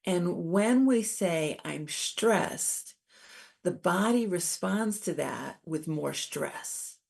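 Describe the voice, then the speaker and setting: A middle-aged woman giving a calm, explanatory talk on coping with stress, as presenter. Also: fairly low pitch, very slow, vocal fry. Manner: calm, validating, explains step by step.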